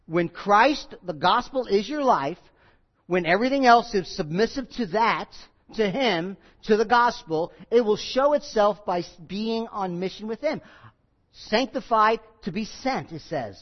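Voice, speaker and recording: High-voiced emphatic male pastor preaching. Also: animated, measured pace, muffled recording. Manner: emphatic, repeats key phrases, swings from loud to quiet. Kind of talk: sermon.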